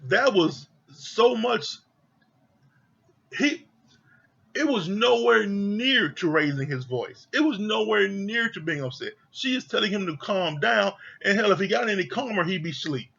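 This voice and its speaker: A man's voice: sits high, animated, unhurried, creaky, fairly bright tone, husky, muffled recording. A man giving a casual, blunt TV review rant, swearing freely and sounding exasperated. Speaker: reality TV reviewer.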